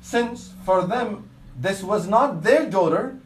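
Earnest preacher man, fairly high voice. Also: sing-song, moderate pace, echoey room, poor audio. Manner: earnest, quietly dropping his voice for the sad parts of the story; mixes Arabic religious phrases into his English. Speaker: Islamic preacher. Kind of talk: sermon storytelling.

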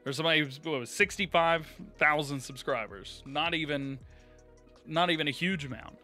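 A man with a drawl hosting a live game stream, chatting casually with viewers, laughing often and thanking them warmly. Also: on the high side, normal speed. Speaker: live-streaming gamer host. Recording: light game music behind.

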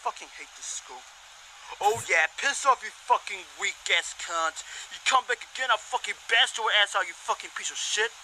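A man doing a high, sharp, swearing teen bully with a Kiwi accent. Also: animated, normal speed, a little hiss or hum, full character voice, rough recording. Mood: aggressive. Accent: New Zealand. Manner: swears constantly, aggressive threats. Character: foul-mouthed hungry teenage schoolboy bully. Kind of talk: amateur cartoon voice acting.

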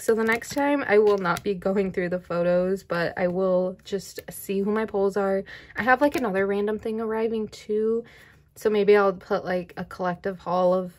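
Young female vlogger, casual unboxing chat, excitable and prone to happy squeals. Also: medium pitch. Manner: excitable, giggly, squeals with delight.

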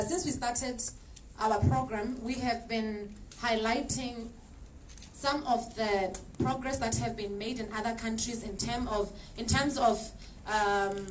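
A woman moderating a panel discussion, hesitant with many fillers. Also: fairly high pitch. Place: exhibition hall. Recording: distant mic, clear background noise.

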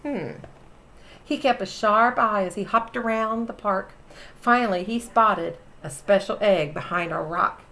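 A woman's voice: medium pitch, measured pace. A woman teacher reading a picture book aloud to children, asking them questions. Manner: animated, asks the listener questions.

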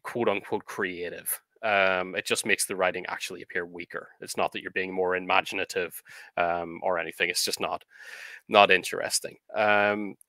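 A man with a fairly low voice and a bright, forward tone talks through editing advice in a measured, explanatory way, often pausing on ums and uhs. The sound is dry and close, with little room around it. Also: fairly even intonation, no room sound. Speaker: co-host of a writing advice show. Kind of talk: casual discussion on editing fiction.

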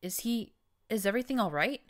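A woman's voice: on the high side, lively intonation, brisk, voice pushed up, close to an everyday voice. A woman voicing a timid, mousy young mare pony who stammers nervously, in an audiobook reading. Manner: hesitant, stammering.

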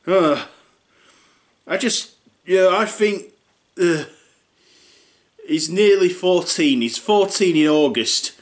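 Rambling Northern English man, fairly high voice. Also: slow pace, long pauses. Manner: rambling, swears casually, blunt. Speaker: comedy character host. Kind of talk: comedic character monologue.

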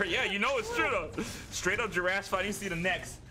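A young man streaming a game live, chatting casually and profanely with his viewers and a teammate. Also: high voice. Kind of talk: live gaming stream chat.

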